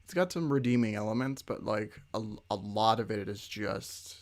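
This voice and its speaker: A man's voice: lowish voice, moderate pace. A young man who reviews games, chatting casually and in a laid-back way, laughing as he plugs his own videos. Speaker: gaming YouTuber and co-host. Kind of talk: casual gaming chat.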